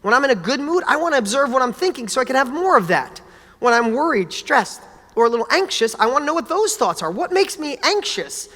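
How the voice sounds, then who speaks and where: Bright, forceful male speaker giving a motivational talk, animated and blunt in his storytelling. His voice rings with a long reverb, as in a large hall. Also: very high-pitched, brisk. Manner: animated, casual, blunt, with mild swearing. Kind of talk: motivational talk with personal stories.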